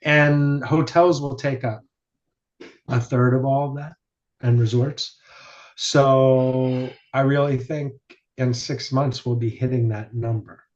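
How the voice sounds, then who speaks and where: A man telling loose, meandering stories in casual podcast chat, swearing now and then and leaning on fillers. His voice sits in an ordinary middle pitch. The recording sounds muffled and lo-fi. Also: steady tone, slow pace, a little mellow. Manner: rambling storyteller, swears casually, many fillers. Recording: dull lo-fi sound.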